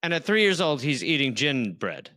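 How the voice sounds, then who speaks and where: A man co-hosting a comedy podcast, chatting casually with quick jokey reactions. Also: mid-range voice, sing-song, pushed and bright. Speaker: podcast co-host.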